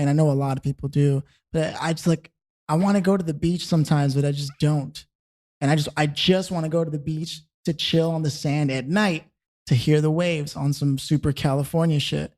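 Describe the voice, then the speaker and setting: A man's voice: a little high, warm tone. A man talking in a laid-back way as a podcast co-host, swearing casually.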